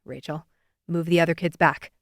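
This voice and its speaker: A steady, unflappable firefighter , voiced by a woman reading an audiobook, speaks low and quietly. His calm never wavers, and the sound is dry and close. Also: moderate pace, dry recording.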